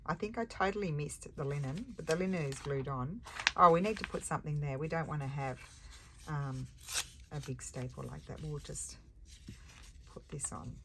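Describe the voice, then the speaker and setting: At a normal speed and low pitch, a woman thinks aloud and narrates a relaxed crafting session at her table, correcting herself along the way. She's a crafting vlogger, recorded with clear background noise and crafting clicks.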